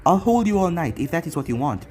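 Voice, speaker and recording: Narrator voicing a gentle young ninja boyfriend. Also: mid-range voice, very animated, fast, slight background noise, lightly acted. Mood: tender. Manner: soothing, reassuring.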